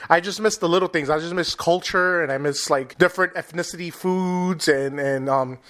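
A man from New York hosting a podcast, chatty and quick to laugh, often apologetic. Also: a little high, fairly bright tone. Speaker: podcast host. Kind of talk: casual interview chat.

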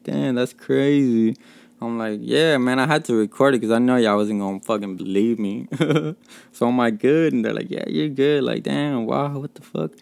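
A man's voice: medium pitch, vocal fry, darkish tone, smooth, no room sound. A man from Mexico hosting a casual podcast, telling stories in a loose, profane way, full of fillers and chuckles. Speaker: podcast host.

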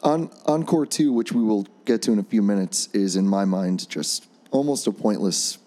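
A man's voice: on the low side, moderate pace, warm tone. A man co-hosting a casual podcast, easygoing and wry, agreeing often and teasing his partner. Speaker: podcast co-host. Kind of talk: casual chat.

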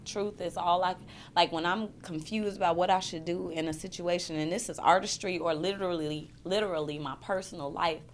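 A woman's voice: on the low side, fairly even intonation, brisk, slight background noise. A woman poet in her thirties, speaking earnestly and emotionally in an interview, often repeating words as she searches for them. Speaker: poet and performance artist. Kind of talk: candid interview conversation.

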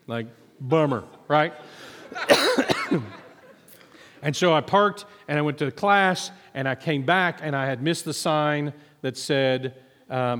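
A man who is a minister and psychologist, telling personal stories in a relaxed, self-deprecating way, with many ums. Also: mid-range voice, normal speed. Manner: conversational, self-deprecating storytelling with many fillers. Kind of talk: sermon testimony. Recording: echoey hall reverb.

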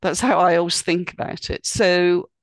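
A woman's voice: on the low side, fairly even intonation, normal speed, dry recording. A woman, a guest on an interview podcast, giving practical advice in a chatty, explanatory way, with many "um"s and "you know"s. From United Kingdom. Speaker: guest expert.

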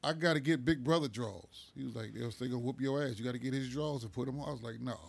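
Gravelly-voiced man telling loose stories. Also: mid-range voice, fast. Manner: loose, profane, laughing storytelling. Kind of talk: casual storytelling chat.

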